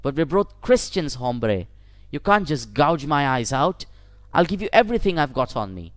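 A man voicing a terrified traveler held at knifepoint, pleading in a rushed, high-strung way in a storybook reading. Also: big pitch swings, a bit bright, no room sound. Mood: pleading, panicked.

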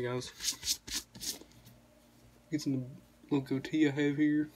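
A man's voice: on the high side, flat delivery, slow pace, warm tone, a little hiss or hum. A young man, telling a rambling, profane story to the camera in a casual vlog. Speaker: vlogger.

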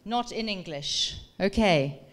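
A woman's voice: mid-range voice, lively intonation, takes it slowly. A middle-aged woman professor giving a public talk in a museum room, reading aloud and then polling the audience with questions in an engaging, articulate way.

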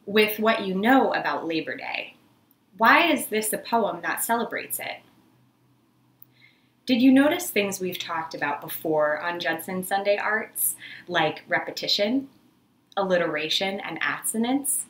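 A woman's voice: lowish voice, animated, a little slow, long pauses, a bit bright. Encouraging woman teaching an arts lesson. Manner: upbeat and encouraging. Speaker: church arts lesson host. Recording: roomy echo.

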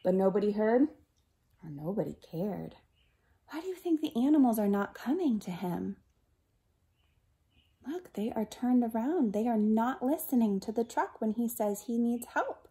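A woman reading a picture book aloud to children, expressive and animated, asking the listeners questions and sometimes dropping to a whisper. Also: a little high, moderate pace.

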